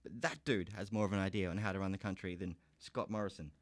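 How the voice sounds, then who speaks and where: A man's voice: deep voice, fairly even intonation, quick pace, no echo. An Australian man hosting a podcast, giving a heated, profane solo rant. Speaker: podcast host.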